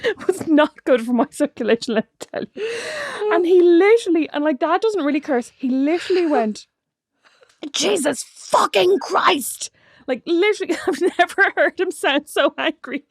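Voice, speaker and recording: A woman's voice: extremely high pitch, sing-song, fairly quick, few pauses, dry recording. A woman in her thirties co-hosting a podcast, telling a family story with lots of laughter. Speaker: podcast co-host. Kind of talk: casual chat.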